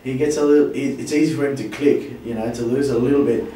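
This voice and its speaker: A man's voice: mid-range voice, steady tone, fast, mellow. A man, a band member chatting in an interview, telling stories loosely and swearing freely. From Australia. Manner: swearing, laughing storyteller. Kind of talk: casual interview chat. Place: pub venue. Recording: echoey pub room, mic from far off.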